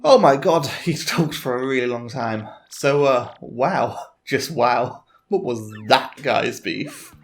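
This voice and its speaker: A man's voice: mid-range voice, animated, slow pace, few pauses. A man giving casual, jokey gameplay commentary with laughing, rambling asides. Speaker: let's play host.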